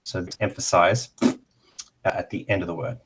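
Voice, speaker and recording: A man giving a casual online pronunciation lesson, explaining slowly with many pauses and fillers while sharing his screen. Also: sits low, little pitch movement, background noise. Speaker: language teacher.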